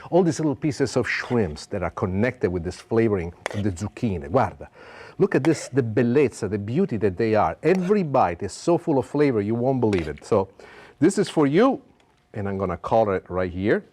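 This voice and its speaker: A man's voice: on the low side, big pitch swings, normal speed, a little mellow. A middle-aged man with an Italian accent, hosting a cooking demonstration in a playful, theatrical way and dropping Italian phrases. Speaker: cooking show host.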